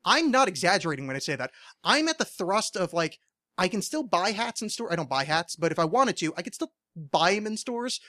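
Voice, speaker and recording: A man's voice: high voice, sing-song, brisk, fairly bright tone, no echo, clean studio sound. A man chatting casually on a podcast, rambling and exasperated and swearing freely. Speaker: podcast co-host. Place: studio.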